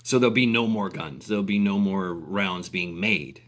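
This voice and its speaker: Guy with a lowish voice ranting off the cuff, lots of ums and restarts. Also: normal speed, fairly bright tone. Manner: rambling, with fillers, restarts and laughs. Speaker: vlogger. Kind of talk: casual rant.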